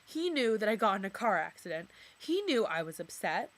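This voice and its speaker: A woman's voice: medium pitch, sing-song, a little fast. A young woman talking casually to camera from her bedroom, filling her speech with "like" and swearing when she gets worked up. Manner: chatty, filler-heavy, says "like" constantly, swears when worked up. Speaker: vlogger. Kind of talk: casual confessional storytelling to camera.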